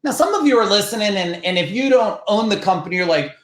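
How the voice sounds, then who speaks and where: A middle-aged man from New Jersey with a New Jersey accent, a podcast guest telling business stories in a blunt, profane, animated way. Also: sits high, brisk, few pauses, echoey room. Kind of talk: casual podcast storytelling.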